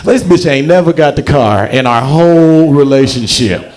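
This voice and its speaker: A young man does a stand-up set at a comedy show held in a library, telling a profane story. His voice is slightly mellow, with lively intonation and a moderate pace, and he acts out the quoted voices with big jumps in pitch.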